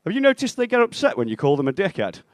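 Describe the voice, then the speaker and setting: A young man performing a stand-up set in a comedy club, with a deadpan, self-mocking delivery and acted-out bits of dialogue. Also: high-pitched, fast. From England (Stoke-on-Trent).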